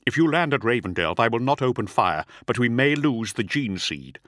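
Man doing a loyal officer, higher than his usual, earnest and steady, dry sound. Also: no echo. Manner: earnest and measured. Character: loyal, calm male officer pleading.

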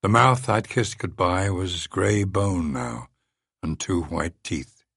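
A man giving a measured, dry first-person audiobook narration into a close studio mic. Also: sits low, expressive, a bit bright, slightly rough, no room sound.

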